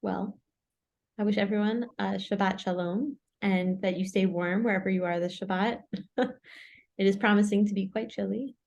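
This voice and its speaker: A woman's voice: medium pitch, fairly even intonation, moderate pace, gravelly, darkish tone, dull audio. A woman leading a casual Torah study group, chatty and thinking aloud with many "like" and "right?" asides.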